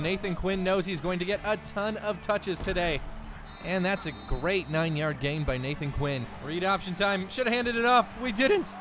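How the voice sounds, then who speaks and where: High-voiced excitable young man calling a game. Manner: excitable, jokey, quick outbursts. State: voice cracking. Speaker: gaming YouTuber. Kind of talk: casual play-by-play commentary over a football video game.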